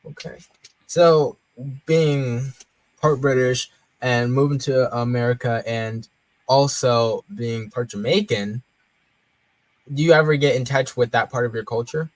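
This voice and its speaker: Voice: medium pitch, fairly even intonation, unhurried, dry recording, low-quality recording. An interviewer asking questions and giving short encouraging responses. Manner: brief encouraging backchannels. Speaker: interviewer host. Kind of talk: interview conversation.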